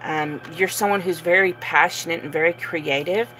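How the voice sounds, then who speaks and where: A woman giving a casual tarot reading, relaxed and sleepy, with many fillers and soft laughs. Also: fairly low pitch, moderate pace, a little hiss or hum, rough recording. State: sleepy, yawning. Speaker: tarot reader.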